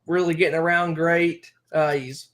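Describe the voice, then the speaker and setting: A man co-hosts a wrestling podcast in casual chat. He talks in a rambling, earnest way, leaning on fillers. His voice sits a bit higher than most men's. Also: level tone, normal speed, fairly bright tone. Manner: rambling, heartfelt, full of "you know". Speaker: podcast co-host.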